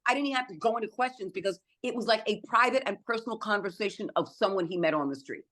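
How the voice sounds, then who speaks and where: Middle-aged lady guest on a podcast, lively storyteller, does little voices for people in her stories. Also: medium pitch, fast talker. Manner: animated storyteller, acts out quotes. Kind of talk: casual podcast chat.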